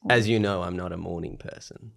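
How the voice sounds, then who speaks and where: A man's voice: low voice, brisk, creaky, a bit bright. A young man, chatting as a podcast guest and sheepishly confessing, with frequent laughter. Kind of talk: casual chat.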